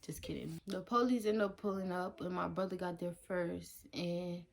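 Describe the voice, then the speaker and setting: A woman's voice: lowish voice, normal speed, vocal fry, soft background music. Slangy young woman vlogger telling a story. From Detroit. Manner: animated, slangy, acts out her own lines. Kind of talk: casual storytelling to camera.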